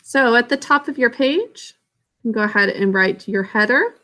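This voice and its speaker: A woman teacher giving a classroom science lesson, explaining slowly and patiently to children. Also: on the high side, lively intonation, pushed and bright.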